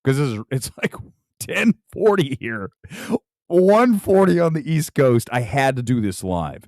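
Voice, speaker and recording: A man's voice: mid-range voice, big pitch swings, unhurried, darkish tone, dry recording. A man hosting a live late-night movie talk show from home, ranting furiously and emphatically. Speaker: film critic host.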